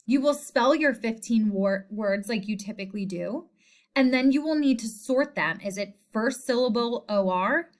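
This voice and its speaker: Woman teacher, slightly high voice, slow and deliberate, patient classroom delivery. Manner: slow, clear, patient explaining. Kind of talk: recorded spelling lesson.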